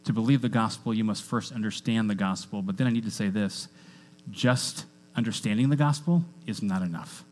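A man preaching a sermon to a church congregation, energetic, often asking the crowd to repeat lines after him. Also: lowish voice, fairly quick. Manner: energetic, with call-and-response to the congregation. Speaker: pastor.

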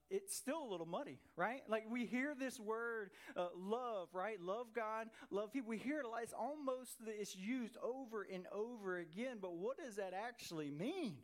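A middle-aged man preaching a conversational sermon as pastor, animated and full of rhetorical questions. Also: high-pitched. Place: church sanctuary.

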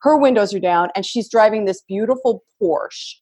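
Animated storytelling woman in her fifties. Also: medium pitch, moderate pace, slightly rough. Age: 50s. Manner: animated storyteller, giggly and expressive. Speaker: guest. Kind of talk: casual podcast conversation.

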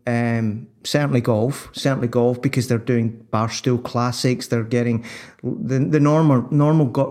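A man argues his point in a relaxed sports talk. He sounds sure of himself and builds his case steadily. His voice is mid-pitched and conversational. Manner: confident, persuasive, builds an argument. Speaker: podcast co-host. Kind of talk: casual discussion.

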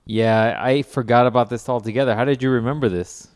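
A man's voice: medium pitch, brisk. A man in his thirties hosting a podcast, chatting casually and ranting with plenty of swearing. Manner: profane, animated ranting. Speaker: podcast host. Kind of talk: casual chat.

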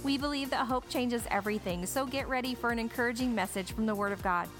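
A woman's voice: fairly high pitch, fast talker, fairly bright tone. A woman reading a polished, scripted intro for a church podcast. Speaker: podcast announcer. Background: music.

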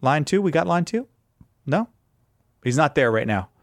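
A man's voice: fairly high pitch, moderate pace, no echo, studio quality. A man hosting a call-in radio show, talking with energy and joking between calls. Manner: energetic, jokey, repeats phone number.

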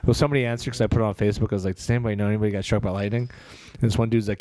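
A man's voice: fairly low pitch, fairly even intonation, very fast, dark tone, no echo. A man hosting a podcast in casual chat, rambling with lots of fillers and restarts. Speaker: podcast host.

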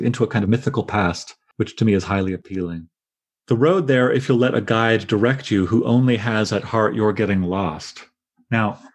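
A man leading a poetry discussion, thoughtful, reading lines of verse aloud slowly. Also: medium pitch, a little mellow. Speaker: discussion leader.

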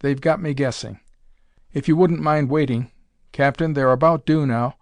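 A man's voice: a little high, moderate pace, no room sound, natural voice. Hesitant, deferential radio operator, read by a man. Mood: uneasy. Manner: hesitant, reluctant.

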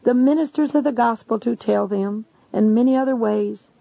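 A woman's voice: fairly high pitch, normal speed, vocal fry, no room sound. Solemn weeping savior guy, woman reading him, dry dull recording. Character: sorrowful stern male savior judging souls.

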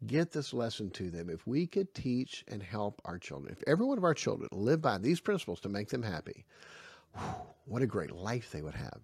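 A man giving a spoken Bible lesson to parents. He is animated and acts out the dialogue in his stories. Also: lowish voice, fairly quick, gravelly, slightly rough, no room sound. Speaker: family Bible teacher.

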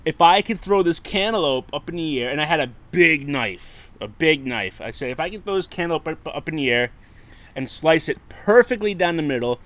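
A man in his thirties tells a story on a casual podcast. His voice sits a little high and swings widely in pitch as he laughs, swears and acts out what people said. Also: animated, brisk, fairly bright tone. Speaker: podcast co-host.

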